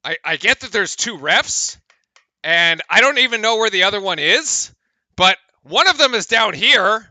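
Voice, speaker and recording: A man's voice: sits high, animated, moderate pace, bright, forceful tone, dry recording. A young man streaming live fan commentary on a game, incredulous and exasperated, often restarting his sentences. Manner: exasperated, incredulous, laughing at calls, rambling restarts. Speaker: streamer doing live play-by-play.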